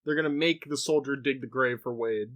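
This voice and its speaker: A man co-hosting a casual movie discussion, filling in plot details and sharing relaxed opinions. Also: mid-range voice, a little fast.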